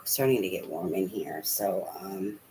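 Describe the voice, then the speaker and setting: A man's voice: deep voice, measured pace, a little mellow, slight background noise, rough recording. A man giving a casual tarot reading, talking aloud to spirit and swearing now and then. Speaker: tarot reader.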